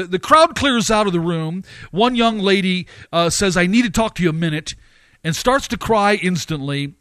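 A high-voiced man preaches a sermon with emphatic force, piling up repeated phrases and swinging into sharp, rising outbursts. The recording is dry and close, with no room sound at all.

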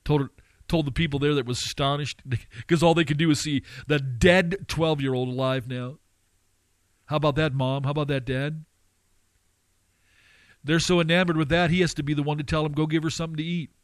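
A man's voice: steady tone, brisk, pauses often, no room sound. A man preaching a sermon to listeners. He asks them rhetorical questions and works up to fervent, pleading surges. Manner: impassioned, surging to fervent high-pitched pleading. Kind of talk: radio sermon.

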